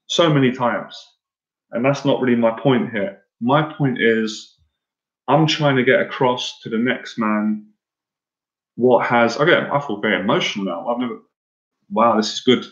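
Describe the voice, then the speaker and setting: A man speaking earnestly and emotionally in a live-stream monologue, often stumbling and repeating himself as a coach. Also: medium pitch. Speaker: dating and anxiety coach. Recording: roomy, dull lo-fi sound.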